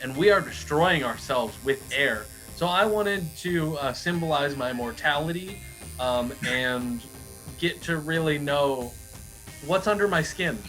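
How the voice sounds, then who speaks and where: A man's voice: on the high side, animated, unhurried, fairly bright tone, faint music behind, low-quality recording. A man playing an earnest, hesitant tattoo customer in an improv comedy scene, stammering and restarting often.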